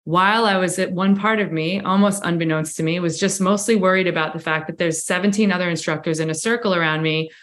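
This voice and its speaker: A woman's voice: fairly low pitch, steady tone, fast talker, hardly any pauses, a bit bright. A woman guest on a talk show, telling a personal story in a reflective, candid way, often saying "like" and "right?". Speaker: podcast guest. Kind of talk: conversational storytelling.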